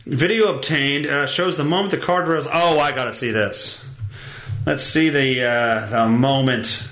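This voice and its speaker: A man hosting a solo podcast reads news stories aloud in a profane, sarcastic, rambling comedic rant. His voice is medium-pitched and a bit bright, and he takes his time.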